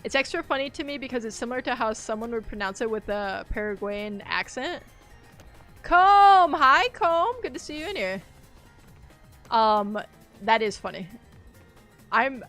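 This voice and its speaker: A woman streams a game and talks casually, rambling, laughing often, and reacting aloud. Her voice is on the high side, expressive, and fairly bright, at a normal speed, with faint music in the background.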